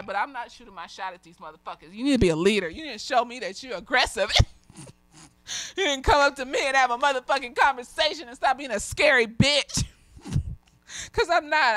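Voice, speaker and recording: A slightly tipsy woman reviewing a show in a loose, casual talk, swearing freely and lurching from ranting to gushing. Her voice sits a bit high for a woman, and it is recorded close and dry with no room sound. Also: fairly bright tone, no echo. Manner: blunt, heavily profane, swinging between ranting and gushing. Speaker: therapist reviewing a TV episode.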